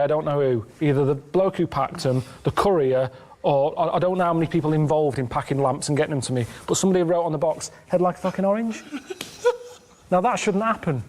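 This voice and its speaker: Rambling deadpan man in his thirties. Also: on the high side. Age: 30s. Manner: rambling, aggrieved deadpan storytelling; colloquial speech, says "me" for "my". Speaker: guest reminiscing about his travels. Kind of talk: casual chat.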